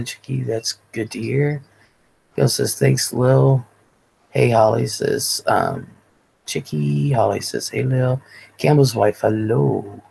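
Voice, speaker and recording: A woman's voice: extremely low pitch, gravelly, darkish tone, husky. A woman in her forties from Ohio hosting a casual livestream, chatting and reading viewer comments aloud. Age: 40s. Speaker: livestream host. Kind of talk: casual chat, reading out live chat.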